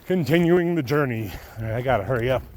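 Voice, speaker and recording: A man vlogging while hiking through deep snow in a mountain forest, out of breath and panting between remarks. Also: lively intonation, quick pace, darkish tone, slight background noise. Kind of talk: casual trail commentary. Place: snowy mountain forest outdoors.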